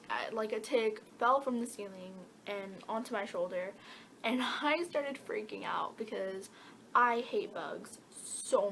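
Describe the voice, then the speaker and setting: A teenage vlogger answers Q&A questions casually and ramblingly, full of fillers and giggles. Her voice is a little high and a bit bright, with slight background noise.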